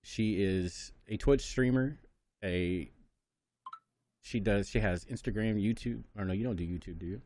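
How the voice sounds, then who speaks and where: A man's voice: on the low side, unhurried, a little mellow, slight background noise. A man hosting an interview show, rambling with lots of fillers and laughing easily. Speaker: podcast host. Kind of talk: casual interview chat. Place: studio.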